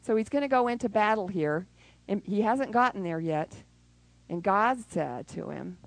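Animated woman preaching a sermon. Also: mid-range voice, moderate pace, no echo, rough recording. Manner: animated, acts out prayers and scenes with sound effects.

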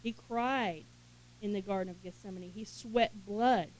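A woman leading a Bible study, reading scripture with emphasis and commenting in a relaxed, conversational way with small laughs. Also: mid-range voice, measured pace, rough recording. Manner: reads scripture aloud emphatically, then comments in casual asides with small laughs.

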